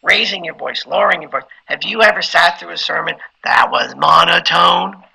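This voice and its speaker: A man's voice: fairly high pitch, normal speed, creaky, bright, forceful tone, breathy edge, rough recording. A middle-aged man giving an informal lecture on preaching skills, conversational and at times emphatic like a preacher. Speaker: instructor teaching preaching skills.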